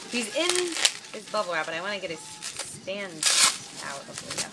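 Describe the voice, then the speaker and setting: A woman's voice: lowish voice, moderate pace. Gushing woman in a noisy unboxing vlog. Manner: gushing, squealing with excitement. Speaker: model horse collector. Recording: noisy home camera audio.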